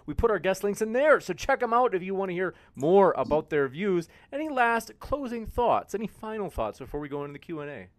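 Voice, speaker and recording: A man moderating a panel debate podcast, briskly steering the talk to the next segment. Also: sits high, big pitch swings, dry recording.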